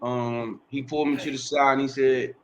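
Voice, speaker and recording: A man's voice: mid-range voice, flat delivery, normal speed, slight background noise. A middle-aged man, a podcast host, telling his life story in a casual interview, rambling, repeating himself and using slang and profanity.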